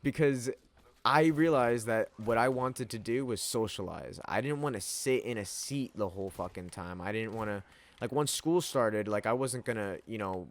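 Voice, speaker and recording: A young man telling a story in a loose, rambling way, peppered with slang, curses and bursts of laughter. His voice sits a little low for a man. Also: normal speed. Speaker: vlogger. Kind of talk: casual storytelling to camera.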